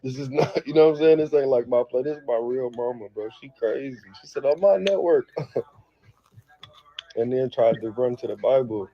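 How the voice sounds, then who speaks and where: A man's voice: mid-range voice, steady tone, normal speed. A man talking loosely on a livestream, laughing often and swearing freely as he rambles. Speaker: livestream host reacting to family drama. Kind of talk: casual livestream talk. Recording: dull lo-fi sound.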